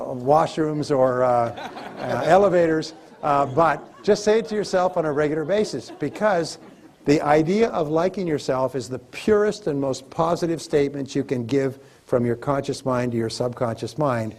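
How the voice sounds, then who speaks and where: A man with a husky, breathy voice speaks at an average pitch. He delivers a motivational seminar lecture to a live audience. He talks emphatically, repeats key lines and coaches the crowd. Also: a little mellow.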